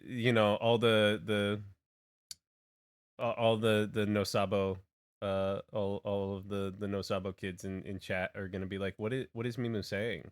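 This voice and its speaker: A man's voice: on the low side, sharp tone. A young man from Hawaii chatting casually on a game stream, rambling with many restarts and laughing asides.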